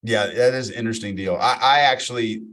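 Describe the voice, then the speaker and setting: A man's voice: fairly low pitch, brisk, fairly bright tone. A man in his forties hosting a podcast interview, easygoing and self-deprecating, chatting casually with his guest. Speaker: podcast host.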